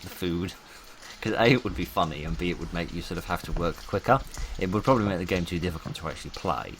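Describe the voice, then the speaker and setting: Deep-voiced and fast, this YouTuber chats in a wry, offhand way as he works through a game, narrating every move to himself. Soft music plays behind his casual let's-play talk.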